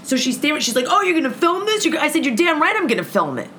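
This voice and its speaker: A woman with a high, bright, forward voice recounts a confrontation in casual conversation. She swears constantly and acts out both sides of the argument with great energy. Faint background noise sits under her voice. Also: sing-song, quick pace. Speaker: guest telling a story. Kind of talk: heated storytelling in casual chat.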